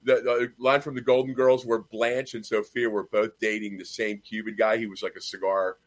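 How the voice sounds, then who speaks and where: A man's voice: on the low side, level tone, moderate pace, low-quality recording. A man in his fifties chatting and telling stories with jokes over a video call. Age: 50s. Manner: storytelling, joking. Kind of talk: casual chat.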